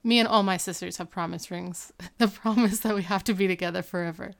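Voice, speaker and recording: A woman casually recapping a TV episode on a podcast, her voice smooth and clear at a middle pitch. She tells the story in a rambling, chatty way, full of "like" and "um," and drops into quick impressions of what each character says. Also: fairly even intonation. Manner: chatty storyteller who acts out quotes, with frequent 'like' and 'um'.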